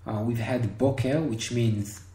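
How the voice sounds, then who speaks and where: A man teaching Hebrew one-on-one over a video call, patient and encouraging, repeating words slowly. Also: mid-range voice, steady tone, mellow. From Israel. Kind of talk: one-on-one online language lesson. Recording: roomy video call audio.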